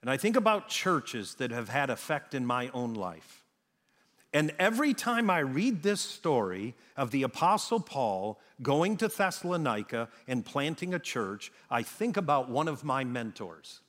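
Lively man preaching in a reverberant hall. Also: medium pitch. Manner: storytelling, emphatic with dramatic pauses. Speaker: pastor. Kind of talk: sermon.

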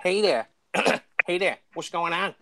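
British man imitating a goofy cartoon dad, high lively voice, noisy line. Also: a little slow. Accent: British showing through. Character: Peter Griffin impression, cartoon dad.

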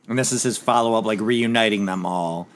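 A man's voice: fairly low pitch, a little fast. A man hosting a casual movie podcast, rambling and retelling scenes in quoted lines. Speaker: podcast host.

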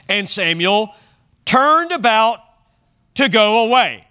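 A man's voice: a little high, expressive, moderate pace, pushed and bright. A man preaching a sermon, reading scripture aloud and stopping to explain it to the congregation. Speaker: pastor. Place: church.

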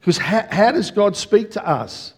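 A man's voice: high-pitched, measured pace, slightly rough. A middle-aged man preaching a conversational sermon, often checking in with the congregation. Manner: energetic, conversational preaching with audience check-ins. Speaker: pastor.

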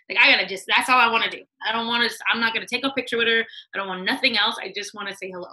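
Bright-voiced woman telling stories. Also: mid-range voice, fast, few pauses, rough recording. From United States. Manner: animated, acts out quoted voices, laughs often. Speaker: guest, music executive. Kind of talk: casual interview storytelling.

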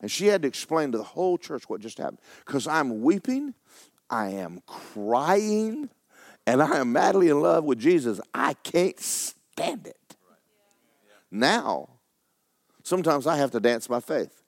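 A middle-aged man preaching a sermon in folksy storytelling, swinging from hushed tones to excited shouting. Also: mid-range voice, a little slow, creaky, no echo, clean studio sound.

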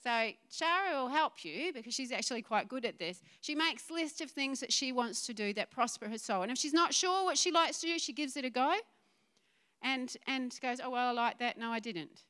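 A woman giving a chatty, lively sermon, laughing and acting out quoted voices. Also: high voice, normal speed. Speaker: pastor.

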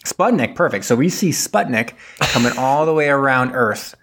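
A man's voice: mid-range voice, lively intonation, normal speed, a bit bright, a little hiss or hum. A man on a podcast retelling a film's plot in casual chat, rambling along with plenty of fillers and asides.

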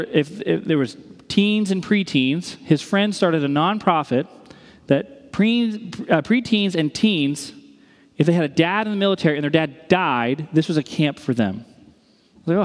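A man in his thirties, a pastor preaching a sermon, telling stories in an animated way and acting out the people in them. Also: on the high side. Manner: animated storytelling with quoted voices. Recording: reverberant hall.

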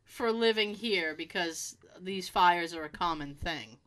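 A woman's voice: fairly low pitch, measured pace. A woman co-hosting a casual chat, swearing freely and laughing as she tells stories. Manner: animated, profane storyteller who laughs often. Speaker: podcast co-host.

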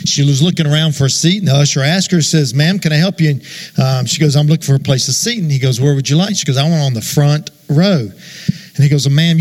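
Casting: male preacher, fairly high voice, folksy and unpolished, sanctuary mic from a distance. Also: a little mellow. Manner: folksy, loose, with fillers and amens. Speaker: guest preacher. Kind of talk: sermon with a told joke. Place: church sanctuary.

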